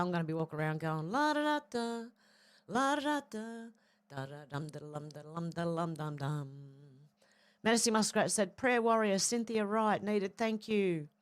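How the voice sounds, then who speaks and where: A woman hosting a livestream, reading out viewer comments and chatting back, with a throaty voice from a tickle in her throat. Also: mid-range voice. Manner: reads comments out flatly, then adds chatty asides. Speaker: livestream host reading chat. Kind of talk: casual chat, reading viewer comments aloud.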